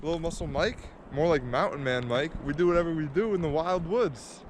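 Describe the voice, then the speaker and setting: A man's voice: fairly high pitch, moderate pace. A young man chatting casually to his camera as a vlogger, outdoors at the beach. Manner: laid-back, repeats catchphrases. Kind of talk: casual vlog chat. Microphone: handheld camera. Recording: loud wind and surf noise.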